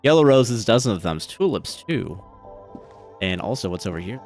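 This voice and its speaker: A man's voice: fairly low pitch, big pitch swings, moderate pace, darkish tone, soft background music. A man livestreaming a game, joking, swearing and laughing as he reacts. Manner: joking, profane, laughs often. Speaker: streamer. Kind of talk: casual game livestream commentary.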